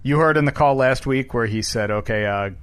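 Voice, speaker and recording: Deadpan podcast co-host man. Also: mid-range voice, fairly quick. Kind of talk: casual comedic chat.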